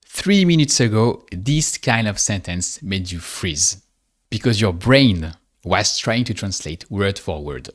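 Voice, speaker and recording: Slow, low-voiced male teacher. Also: expressive. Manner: slow, patient, drawing out example phrases. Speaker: French teacher. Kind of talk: guided speaking lesson.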